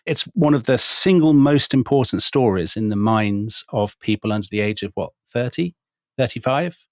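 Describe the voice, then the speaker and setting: A man co-hosting a podcast in casual chat. He talks quickly at length and makes fun of himself now and then. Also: mid-range voice, expressive, dry recording, clean studio sound. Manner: quick, wordy, self-deprecating. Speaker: podcast co-host and author.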